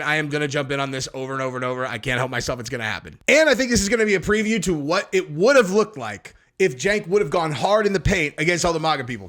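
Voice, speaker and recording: A man comments on clips he is watching, his voice a bit raised and bright. He talks loosely and breaks in often, climbing sharply in pitch when he gets worked up. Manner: animated, interrupts excitedly, voice jumps high when worked up. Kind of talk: casual reaction commentary.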